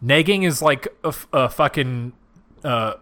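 A man's voice: medium pitch, a little slow, a bit bright. A man co-hosting a podcast, chatting casually and wryly about a movie, swearing freely. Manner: profane, wry, mocks characters in quoted voices. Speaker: podcast co-host. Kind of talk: casual movie-review chat.

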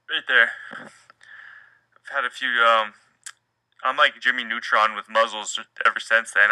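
A man's voice: fairly low pitch, sharp tone, dry recording, low-quality recording. A young man hosting a casual solo podcast, telling a rambling, profane and jokey story. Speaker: podcast host.

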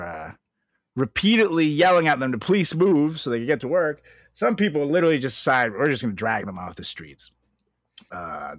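A young man co-hosting a podcast in casual, jokey chat, often trailing off quietly. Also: mid-range voice, dry recording, studio quality. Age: young adult. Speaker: podcast co-host.

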